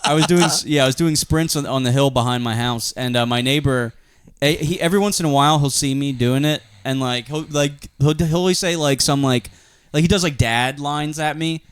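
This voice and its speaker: A man's voice: a little high, brisk, clear, resonant tone, no echo. A man co-hosting a comedy podcast, rambling through crude anecdotes and acting out the voices of people in them. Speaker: podcast co-host. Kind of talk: casual comedic storytelling.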